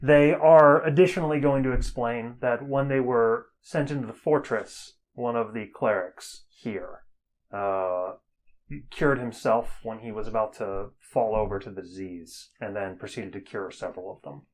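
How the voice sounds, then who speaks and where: A man narrating as the game master of a tabletop game, relaxed and full of fillers. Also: mid-range voice, moderate pace, rough recording.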